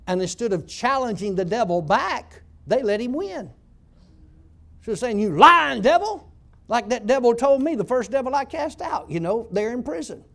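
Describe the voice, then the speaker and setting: A male pastor preaching a sermon, telling stories and building up to loud shouts. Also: sits high.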